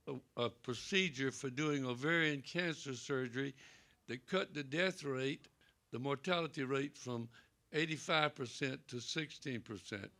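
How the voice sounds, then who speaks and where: At medium pitch with vocal fry and a fairly bright tone, an older man with a Southern accent speaks. He's a Presbyterian pastor telling folksy anecdotes on a library panel in an event room, performing the dialogue as he goes.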